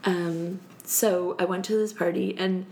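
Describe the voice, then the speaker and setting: A woman in her thirties with a voice on the low side tells an unhurried story as a podcast guest. The chat is casual and animated, and she laughs often while acting out quotes.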